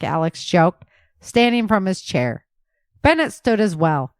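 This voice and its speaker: A woman reading a novel aloud as narrator, with steady storytelling. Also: fairly low pitch, unhurried, no echo. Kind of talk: audiobook narration.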